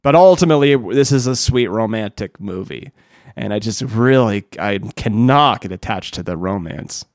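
A man co-hosting a casual movie podcast who laughs often and talks in quick bursts. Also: fairly low pitch, animated, dry recording, studio quality. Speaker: podcast co-host.

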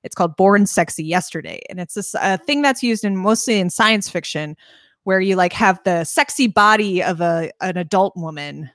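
A woman's voice: mid-range voice, moderate pace, a bit bright, no echo, clean studio sound. A woman co-hosting a podcast, recapping a film in casual, sarcastic chat, swearing freely and acting out the characters' lines. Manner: sarcastic, swears a lot, acts out quotes. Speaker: podcast co-host.

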